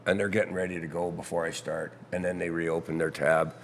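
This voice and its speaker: A hoarse man with a gravelly voice, a musician guest chatting casually in a pub's back bar, rambling and breaking off his own sentences. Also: deep voice, little pitch movement, fairly quick, slight background noise. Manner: rambling, self-interrupting storyteller. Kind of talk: casual chat.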